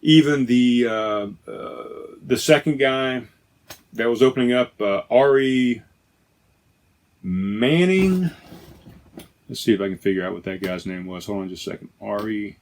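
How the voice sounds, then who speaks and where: A man's voice: medium pitch, measured pace, slight background noise. A man hosting a podcast on his own, chatting casually and enthusiastically, often restarting and correcting himself. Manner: rambling, self-correcting, enthusiastic. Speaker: podcast host. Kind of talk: casual solo podcast chat.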